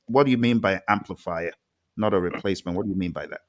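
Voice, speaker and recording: A man's voice: deep voice, fast, slight background noise. A man hosting a live-streamed interview who talks with enthusiasm, exclaims often and reads viewer comments aloud. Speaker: interview host.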